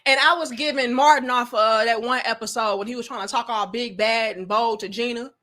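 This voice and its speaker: Woman on a livestream, bright voice, cussing and talking straight to chat. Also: on the high side, normal speed. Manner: blunt, profane, animated storytelling. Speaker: livestream host reading chat.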